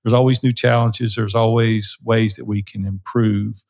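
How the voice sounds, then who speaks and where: A man's voice: fairly low pitch, level tone, moderate pace, darkish tone. A man in his sixties co-hosting a podcast, talking candidly and encouragingly about marriage in casual conversation. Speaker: podcast co-host.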